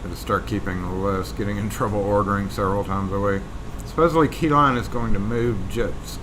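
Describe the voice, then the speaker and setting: A man's voice: on the low side, brisk. A man with a Southern US accent hosting a casual locksmith livestream, rambling and muttering to himself as he works and chats with viewers. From Southern United States. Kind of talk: casual livestream chat while working. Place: locksmith shop workroom. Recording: roomy echo with background noise.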